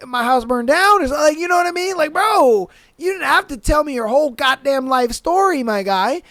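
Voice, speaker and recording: A man's voice: very high-pitched, animated, brisk, bright, forceful tone, dry recording, clean studio sound, heavily acted. A man voicing an exasperated male Uber driver who rants with disbelief. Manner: incredulous, ranting.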